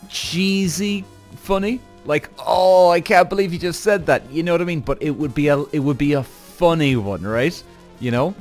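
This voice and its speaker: A man hosts a podcast, telling a story with a lively, swinging voice that climbs fairly high. He swears freely and talks straight to his listeners. Faint music plays behind him. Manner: animated, addresses audience directly, frequent swearing and acted-out quotes. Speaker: podcast host.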